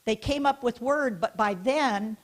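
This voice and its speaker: High-pitched woman giving a keynote, bossy-fun, keeps telling the crowd do this, quizzes them. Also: unhurried. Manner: animated, directive, asks the audience questions and leads hand gestures. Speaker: keynote speaker. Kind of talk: interactive conference lecture. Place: conference hall stage.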